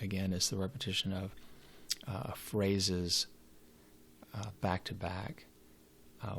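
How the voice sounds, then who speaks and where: A man's voice: sits low, slight background noise. A man giving a literature lecture, hesitant and full of fillers and restarts. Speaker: literature teacher.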